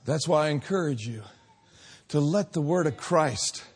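A man preaching a sermon, swinging between loud drawn-out peaks and quiet low lines. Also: animated, breathy edge.

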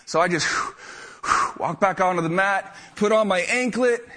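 High-voiced animated male storyteller. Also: unhurried. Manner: animated, self-mocking storyteller. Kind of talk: storytelling talk to a live audience.

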